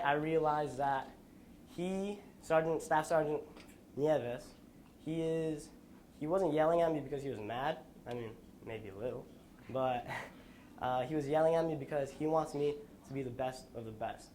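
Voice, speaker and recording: A young man giving a school presentation, telling a personal story in an earnest, halting way with restarts, sounding tired. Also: medium pitch, a little hiss or hum. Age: young adult. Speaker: student presenter.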